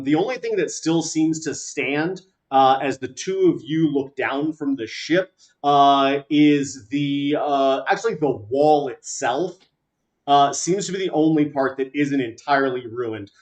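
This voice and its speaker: Halting man running a tabletop game. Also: medium pitch. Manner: halting, many filler sounds. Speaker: game master.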